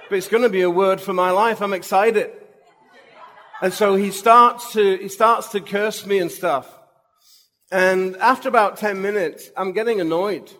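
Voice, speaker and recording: A man's voice: high voice, a bit bright, long reverb tail, a little hiss or hum. A man preaching, telling humorous, self-mocking stories from his own life in a sermon. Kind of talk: storytelling sermon.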